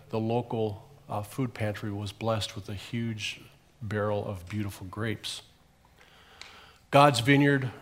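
Storytelling male pastor preaching. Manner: storytelling preacher, swelling louder on key phrases and dropping low at ends. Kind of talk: sermon. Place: church.

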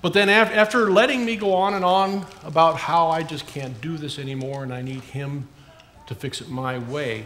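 A man preaching a sermon in an earnest way, rising for emphasis and dropping soft at the ends of phrases. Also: a little high, fairly even intonation, moderate pace, a little hiss or hum.

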